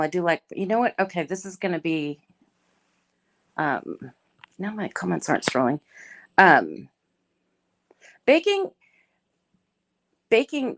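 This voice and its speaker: A middle-aged woman hosting a casual live chat, greeting viewers by name and chatting in a laid-back way. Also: low voice. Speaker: livestream host.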